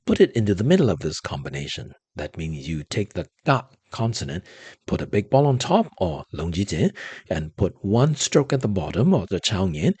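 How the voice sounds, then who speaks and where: A man teaching reading, slow and patient, saying each word twice. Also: sits low, sing-song, darkish tone, husky, dry recording. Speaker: language teacher. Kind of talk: recorded language lesson.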